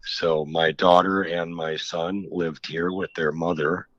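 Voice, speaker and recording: A middle-aged man, an author, telling his story frankly in an interview, halting and reflective with many restarts. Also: sits low, level tone, a bit bright, dry recording. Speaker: author guest. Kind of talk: candid interview conversation. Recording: slightly dull lo-fi audio.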